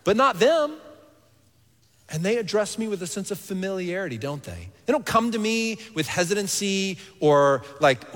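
A man in his thirties, a pastor preaching a sermon, earnest and animated, sometimes dropping to quiet intensity. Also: high voice, normal speed. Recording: long hall reverb.

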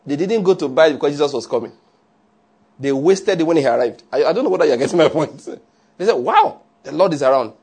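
A man preaching a sermon in an animated way, often checking with his listeners. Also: fairly high pitch, quick pace, breathy edge. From Nigeria. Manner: animated, asks the audience often.

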